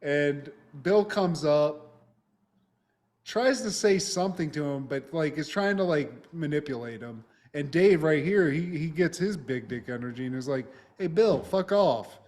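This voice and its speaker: A man's voice: fairly high pitch, a little slow, a little mellow. Podcast co-host, young man with a light voice, loose and profane, performs the dialogue as he retells. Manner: profane, acts out characters' lines while retelling. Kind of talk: casual chat recapping a TV episode.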